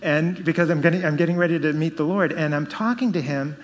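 A man's voice: on the high side, fast talker. Man telling his testimony in a reverberant hall. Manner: animated storytelling with laughs and rising emphasis. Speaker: speaker giving testimony. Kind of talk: personal testimony.

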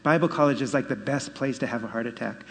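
A man in his fifties giving a personal faith testimony, telling it with animated storytelling and rising emphasis. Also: medium pitch, quick pace. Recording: long hall reverb.

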